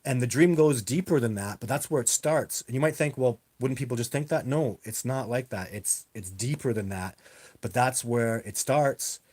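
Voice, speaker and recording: A man's voice: mid-range voice, moderate pace, darkish tone, breathy edge. A man hosting a casual livestream and answering viewer questions in a rambling, emphatic way, speaking into a webcam. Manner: rambling, emphatic, repeats himself. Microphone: webcam on a live video stream.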